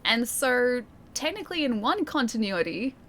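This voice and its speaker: An expressive young woman, fairly high-voiced and a bit bright, talks at a moderate pace during a game stream, with a light Australian accent. She laughs, reads chat aloud and keeps up casual commentary in a giggly, chatty, self-mocking way. There's a little hiss or hum in the background.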